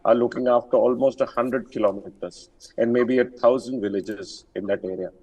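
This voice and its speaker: A man's voice: mid-range voice, fairly even intonation, a little fast, darkish tone, breathy edge. An older man, an army general speaking as an interview guest, firm and emphatic with many fillers and restarts. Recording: distant from the mic.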